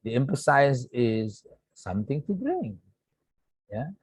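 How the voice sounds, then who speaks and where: A man's voice: medium pitch, very animated, husky, dry recording, rough recording. A man with an Indonesian accent, a native Indonesian speaker, teaching an English grammar lesson to his students, repeating points and saying "yeah" often. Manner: repetitive, says "yeah" often, slow deliberate explaining. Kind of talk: recorded online grammar lesson.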